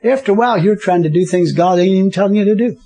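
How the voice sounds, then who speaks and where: A man preaches a sermon in a high, mellow, slightly rough voice, racing along. He chuckles often, repeats himself, and breaks in with hallelujahs.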